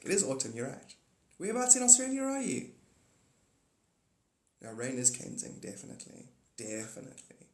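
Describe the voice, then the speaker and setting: A man's voice: mid-range voice, moderate pace, pauses often. A man hosting a livestream, chatting casually with viewers and rambling through spiritual ideas. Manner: rambling, animated, spiritual talk. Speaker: livestream host. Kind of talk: casual livestream chat reading comments. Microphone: phone. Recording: echoey room.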